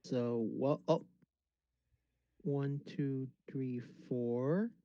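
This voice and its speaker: A man playing a tabletop game, counting out his rolls aloud and calmly asking for help. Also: mid-range voice, dry recording, muffled recording. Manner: slow, counts dice aloud. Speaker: player.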